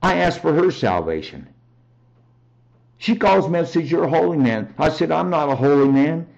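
A man giving a rambling, emphatic personal testimony on a talk show, often raising his voice to near shouting. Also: a little high, very animated, moderate pace, gravelly, lo-fi sound.

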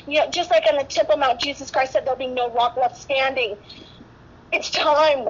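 A woman's voice: high-pitched, fairly even intonation, moderate pace, lo-fi sound, a little hiss or hum. A woman nurse, tearful and emotional, rambling through an interview with many restarts. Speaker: guest nurse.

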